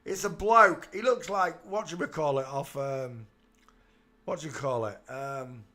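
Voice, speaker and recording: With a sharp tone and a voice on the high side, a channel host takes his time mocking a series of photos. He jeers, speaks directly to the viewer, and breaks into laughter.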